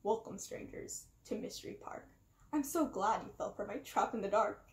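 A woman voicing a sinister male mouse thief in a storybook reading, speaking in a low, hushed, breathy menace. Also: normal speed, natural voice. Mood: gloating. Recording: roomy echo.

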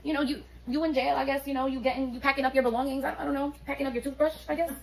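A woman, telling a story on her vlog in an animated, profane, streetwise way. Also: sits high, very fast, vocal fry, rough recording. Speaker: beauty vlogger.

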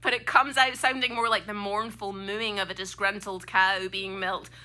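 Bright-voiced Scottish woman telling a story. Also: mid-range voice, level tone, moderate pace. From Scotland. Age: around 30. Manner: vivid, comic, dramatic delivery. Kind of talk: live personal storytelling performance. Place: small live music club stage.

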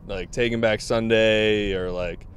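A man's voice: on the low side, measured pace, a little hiss or hum. A man from Massachusetts, a podcast guest telling casual stories and laughing often. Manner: laughs often, quotes people in animated asides. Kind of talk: casual storytelling.

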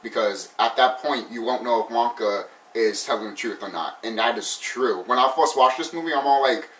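A man's voice: mid-range voice, normal speed, fairly bright tone. A man giving a casual, rambling movie review, swearing often and laughing a lot. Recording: roomy sound from a distant mic.

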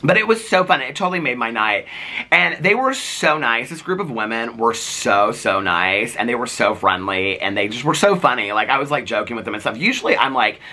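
Chatty male vlogger in his forties: quick, bright delivery, swooping pitch, lots of fillers. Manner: animated, voices people he quotes. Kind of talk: casual storytelling to camera.

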